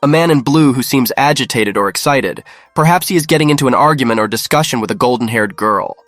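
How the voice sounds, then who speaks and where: Male narrator, mid-pitched, even matter-of-fact read, dry close sound. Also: fast, no echo. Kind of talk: scripted narration.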